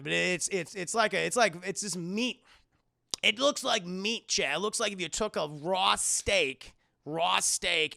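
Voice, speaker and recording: Gravelly, animated movie reviewer, a man. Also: on the high side, dry recording, clean studio sound. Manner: animated, profane storytelling. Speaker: movie reviewer streaming to chat. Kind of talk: casual film recap.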